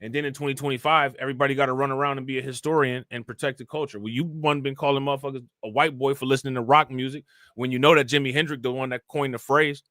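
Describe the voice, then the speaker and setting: Bright-voiced man ranting on a livestream. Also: medium pitch, quick pace, hardly any pauses, no room sound, studio quality. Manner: animated, ranting, slangy. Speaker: livestream host reacting to news. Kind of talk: casual livestream commentary.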